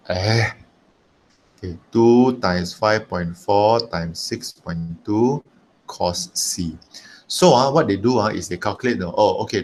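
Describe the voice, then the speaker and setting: Man, Malaysian English accent, lowish voice, online maths lesson, chatty, emphatic. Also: slight background noise. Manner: chatty, emphatic, repeats himself, talks while writing. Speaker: teacher.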